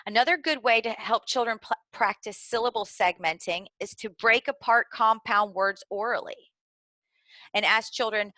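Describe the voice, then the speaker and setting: A middle-aged woman with a Southern American accent walks teachers through early reading skills in an earnest instructional tone. Her voice sits a little high and rings bright and clear. The recording is close and dry, with no room sound. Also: moderate pace, dry recording. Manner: earnest, explanatory, occasional fillers and restarts. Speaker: early literacy trainer.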